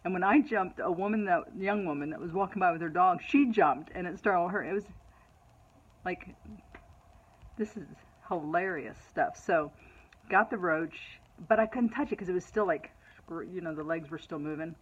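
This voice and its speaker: A middle-aged woman vlogging to her followers, telling a personal story in a chatty, animated way. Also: fairly low pitch, normal speed, breathy edge, highs cut off. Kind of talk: casual personal storytelling to camera.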